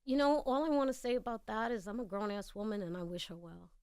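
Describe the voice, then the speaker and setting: A middle-aged woman, a radio interview guest, telling a story in a lively way and acting out the voices of the people in it. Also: medium pitch, quick pace, clean tone, dry recording, clean studio sound. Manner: animated, acts out quoted voices.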